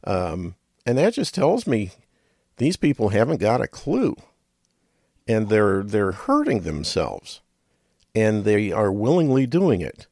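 A man's voice: on the low side, wildly swooping pitch, takes it slowly, a little mellow, no echo, clean studio sound. A middle-aged man hosting a radio talk show, rambling in a folksy way with chuckles and muttered asides.

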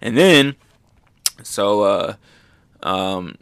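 Hyped guy recapping manga, lots of ums and booms, dry room. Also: very slow, smooth, dry recording. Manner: excited, lots of fillers and "boom". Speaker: manga review host. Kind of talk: casual recap commentary.

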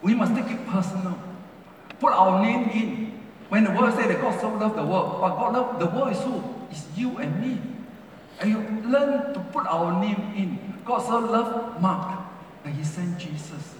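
A male pastor preaches in a high, ringing voice, leaning on repeated phrases that rise and fall. His English has non-native grammar. He is heard from a distance in a large, very echoey church hall. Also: animated, moderate pace, slight background noise. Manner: rising and falling emphasis, repeats phrases. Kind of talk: sermon.

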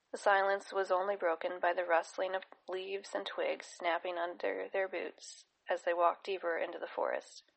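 A woman narrating a fantasy novel in a steady, even storytelling manner. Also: lowish voice, creaky, poor audio. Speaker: audiobook narrator. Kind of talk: scripted narration.

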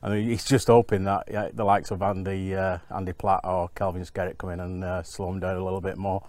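Deep voiced guy telling a team story, a bit far from the mic, loose chatty way. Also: flat delivery, brisk, darkish tone, no echo. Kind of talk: interview recollection.

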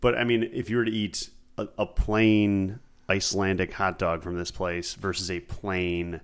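A man co-hosts a podcast in easy, casual chat. He has a slightly low voice and fires off quick questions between laughs. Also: little pitch movement, smooth. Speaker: podcast co-host.

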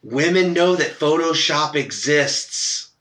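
A man co-hosting a podcast, telling stories in a brash, animated way and acting out what others said. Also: on the high side, slow, roomy sound. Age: adult, once married. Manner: brash, animated storyteller who acts out quotes. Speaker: podcast co-host. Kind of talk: casual podcast chat.

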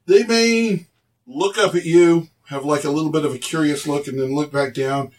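A man's voice: fairly high pitch, moderate pace. Laid-back man narrating as game master. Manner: relaxed, loose narration with fillers. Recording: distant mic, poor recording.

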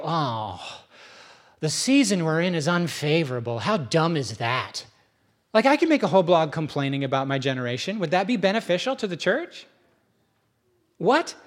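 Animated middle-aged male pastor, higher voice. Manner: animated storyteller who acts out voices with big pitch jumps. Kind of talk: conversational sermon.

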